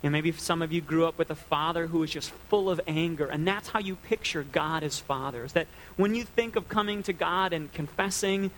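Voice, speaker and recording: A man's voice: a little high, fairly quick, hardly any pauses, fairly bright tone, slight background noise, poor audio. A man preaching a sermon as a pastor, earnest and conversational.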